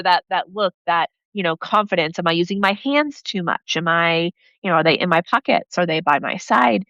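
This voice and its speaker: A woman with an East Coast accent, a guest coach giving quick, animated advice in a casual interview. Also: on the low side, no echo, highs cut off. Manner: energetic, animated hand-talker, gives advice in quick bursts. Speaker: podcast guest, networking coach.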